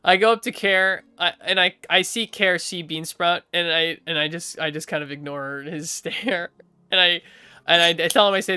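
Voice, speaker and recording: A man's voice: on the high side, normal speed, sharp tone, clear, resonant tone, faint music behind. A man playing a character in a tabletop game, talking eagerly and rambling with many fillers. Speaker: player.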